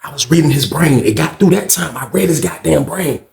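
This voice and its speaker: Animated man telling a prison story, roomy echo. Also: fairly high pitch, a little fast, vocal fry. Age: 30s. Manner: animated, swearing, acts out shouts and screams of others. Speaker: storyteller host.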